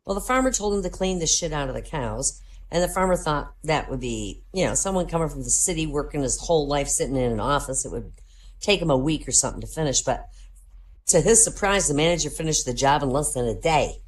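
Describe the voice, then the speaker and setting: A woman's voice: deep voice, expressive, a little fast. A woman telling a string of jokes in a voice-chat comedy show, steadily building each one to its punchline.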